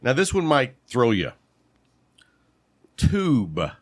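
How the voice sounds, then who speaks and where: A man's voice: mid-range voice, huge pitch swings, drawn-out words, no room sound. A man co-hosting a casual podcast chat, quizzing his partner on terms and calling out right answers with playful exclamations. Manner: playful quizmaster, shouts "bam" on right answers.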